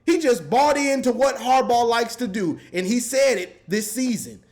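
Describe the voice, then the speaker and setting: A man's voice: extremely high pitch, animated, normal speed, vocal fry, darkish tone. A man giving an exasperated, repetitive rant as a sports fan commentator, breaking into laughter now and then.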